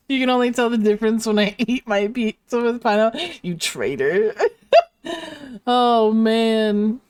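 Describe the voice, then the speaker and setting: A woman's voice: fairly high pitch, slow, long pauses, darkish tone, clear, resonant tone, no echo, clean studio sound. A woman livestreaming while she draws, chatting casually with her viewers, giggling often and apologizing playfully. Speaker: livestreamer drawing on stream.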